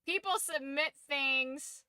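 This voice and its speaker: A woman's voice: sits high, slow pace, pushed and bright, no echo. A woman streamer giving casual reaction commentary, muttering asides and swearing casually.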